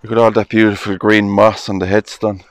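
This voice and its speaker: A man's voice: lowish voice, flat delivery. A man with an Irish accent walking through a graveyard, reading old inscriptions aloud and musing about them. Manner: reads headstone inscriptions aloud slowly, musing. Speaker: cemetery vlogger. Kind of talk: casual walking commentary. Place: outdoor graveyard.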